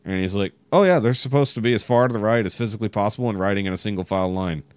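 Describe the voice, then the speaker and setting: A man's voice: lowish voice, racing, clear, resonant tone, no echo. A man from Texas telling a long exasperated story in casual podcast chat, swearing freely. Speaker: podcast guest.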